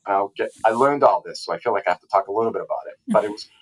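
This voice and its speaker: A man with a fairly low voice talks through a tax case on a podcast. His explanation is casual and halting, full of restarts and little asides as he works toward his point. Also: low-quality recording. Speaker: tax attorney guest.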